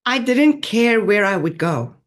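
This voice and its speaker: A woman from South Africa with a South African accent, a podcast guest telling her own story in an earnest, reflective way, with soft laughs. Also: medium pitch, very animated, a little slow. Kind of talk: personal storytelling interview.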